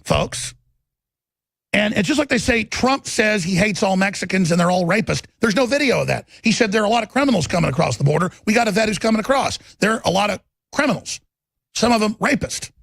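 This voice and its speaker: A combative male talk show host with a heavily gravelly, husky voice. He rambles through an impassioned political monologue, delivered fairly high for a man and very dry, with no room sound. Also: expressive, a little fast, a bit bright, no room sound.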